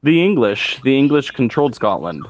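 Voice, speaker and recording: A man's voice: medium pitch, very animated, moderate pace, no echo, muffled recording. A man co-hosting a casual podcast chat, talkative and casually profane, who explains things at length. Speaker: podcast co-host.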